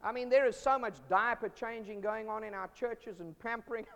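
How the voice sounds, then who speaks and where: A man preaching a sermon as pastor, emphatic, swinging from loud bursts to quiet storytelling. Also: extremely high pitch, normal speed, creaky. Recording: long hall reverb.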